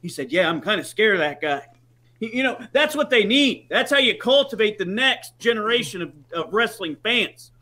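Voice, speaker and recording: A man in his thirties with a high, bright voice joins a casual chat. He tells stories and agrees readily, keeping his remarks brief. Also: lively intonation, moderate pace. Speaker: podcast co-host.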